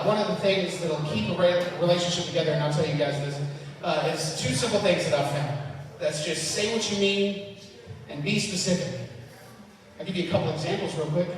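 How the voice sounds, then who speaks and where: A man doing a loud, profane, self-mocking stand-up set on a comedy club stage, with big shouted punchlines. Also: high-pitched, very echoey, in a large hall, recorded from a distance, low-quality recording.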